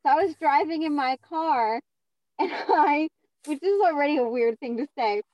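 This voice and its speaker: A woman co-hosting a podcast, telling funny stories in a relaxed, chatty way. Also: sits high, moderate pace, no echo, lo-fi sound. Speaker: podcast co-host. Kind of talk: casual chat.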